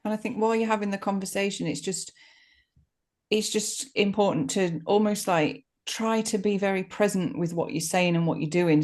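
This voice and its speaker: A woman in her forties co-hosts a podcast and talks through practical advice gently, restarting now and then. Her voice is on the low side for a woman. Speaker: coach and podcast host. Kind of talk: casual podcast discussion.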